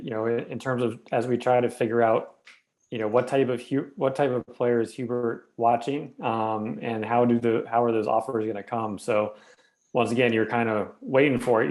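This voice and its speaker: A man co-hosts a sports podcast in a flat, even voice. He talks haltingly, stopping to search for his words. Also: mid-range voice. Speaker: podcast co-host, recruiting analyst. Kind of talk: casual sports podcast chat.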